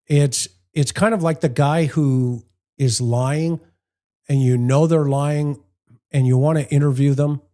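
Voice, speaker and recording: With a fairly high, steady, warm voice and an unhurried delivery, this male host, once an investigator, breaks down press conference footage point by point. His commentary is plain-spoken and peppered with acted-out anecdotes.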